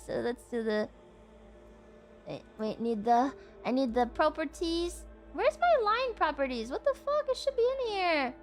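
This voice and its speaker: A young woman streaming live to her chat, highly emotive, laughing often and swearing freely. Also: creaky.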